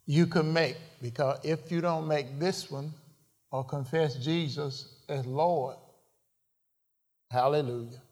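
Slow-preaching man in an echoing hall. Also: a little high, darkish tone. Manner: unhurried preaching with sudden emphatic rises, rhetorical questions. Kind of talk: sermon. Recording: long reverb of a large hall.

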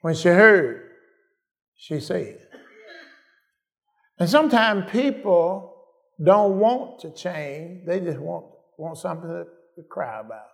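Slow, emphatic preacher man. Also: high voice, animated, gravelly, fairly bright tone. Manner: call-and-response preaching, asking the congregation "Am I right?"; slow, emphatic, repeats phrases. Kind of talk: sermon.

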